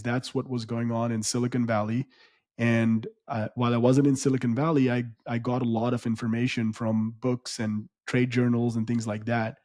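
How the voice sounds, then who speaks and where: Mellow-voiced man reflecting in a podcast chat. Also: medium pitch, no room sound, clean studio sound. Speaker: podcast co-host. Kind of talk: casual podcast conversation.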